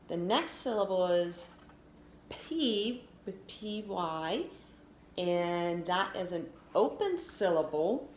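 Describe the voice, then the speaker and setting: A woman with a lowish voice teaches a recorded phonics lesson, sounding out each letter in a slow, deliberate way. She speaks in an echoey room with a faint hiss of noise behind her.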